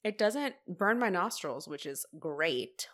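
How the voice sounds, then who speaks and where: Woman co-host, playful teasing banter, bright tone, quick reactions. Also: fairly low pitch, sing-song. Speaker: podcast co-host. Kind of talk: casual chat, whiskey tasting.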